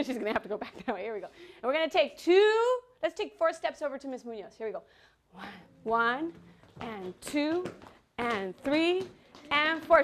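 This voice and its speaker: A woman's voice: sits high, a bit bright. A woman teaching a dance class to young children, talking energetically and counting the rhythm aloud.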